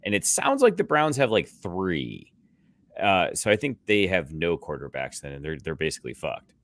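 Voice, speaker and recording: Guy podcast cohost, low voice, deadpan jokes, dry close mic. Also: normal speed, no echo. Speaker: podcast co-host. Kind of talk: casual chat.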